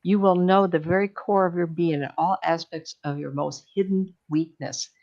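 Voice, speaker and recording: Older woman, casual and anecdotal delivery, gravelly voice, dull lo-fi sound. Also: on the low side, fairly even intonation, normal speed, darkish tone. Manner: rambling, anecdotal, laughs often. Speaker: psychic medium giving a talk. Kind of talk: casual talk.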